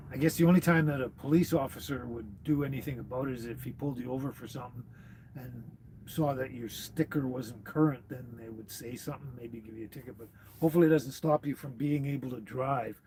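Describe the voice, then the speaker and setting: A man's voice: medium pitch, darkish tone, a little hiss or hum. A man hosting a casual livestream, rambling with many fillers as he answers viewer comments. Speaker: livestream host. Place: tiny house on wheels. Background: dog barking.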